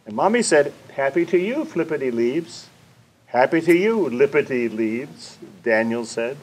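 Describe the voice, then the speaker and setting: A man's voice: mid-range voice, animated, takes it slowly, darkish tone, highs cut off. An older man reading a children's picture book aloud at a library storytime, playful with sound effects and sing-song repetition, then chatting with the kids. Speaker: storytime reader. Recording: faint room noise, community TV recording.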